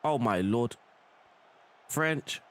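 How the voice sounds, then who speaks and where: A man streaming a football management game, talking casually and getting excited, at times shouting at the plays. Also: mid-range voice, drawn-out words, no room sound. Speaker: gaming streamer. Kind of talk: live game commentary.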